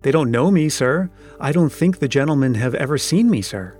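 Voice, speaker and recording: A man's voice: mid-range voice, expressive, moderate pace, a little mellow, breathy edge. A man voicing a terrified male gravedigger who stammers out his replies in a storybook reading over faint music. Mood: frightened. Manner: stammering, fearful.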